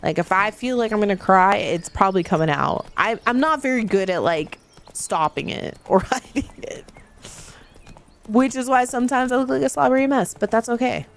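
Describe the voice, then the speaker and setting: A woman's voice: on the high side, moderate pace, gravelly. A woman streamer chatting casually while she plays a video game, giggly and chatty as she reads and answers her chat.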